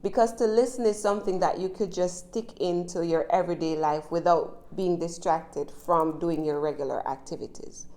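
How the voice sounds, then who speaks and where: A lowish, darkish-toned female voice with a Jamaican accent leads an informal English lesson. She chats warmly and encouragingly, frequently using tag questions to check in with whoever is listening.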